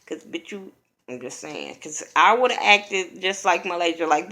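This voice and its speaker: A woman's voice: lowish voice, lively intonation, measured pace, sharp tone. A woman giving a blunt, profane, opinionated casual recap of a reality TV episode.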